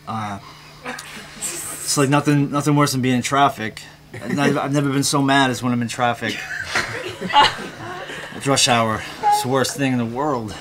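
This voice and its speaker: A man doing a live stand-up set with halting, awkward deadpan delivery and frequent restarts. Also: medium pitch. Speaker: stand-up comedian. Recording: loud noisy live recording.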